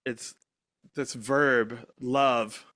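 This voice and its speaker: A man's voice: mid-range voice, steady tone, very slow, pushed and bright, no room sound, clean studio sound. A man hosting a podcast conversation, blunt and emphatic, swearing freely and acting out quoted voices. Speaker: podcast host. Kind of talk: casual conversation.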